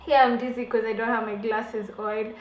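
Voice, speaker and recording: Lively woman telling a story. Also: on the high side, normal speed. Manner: animated, dramatic retelling with laughs and acted-out quotes. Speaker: beauty vlogger. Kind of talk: storytelling vlog. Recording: echoey room, faint background hum.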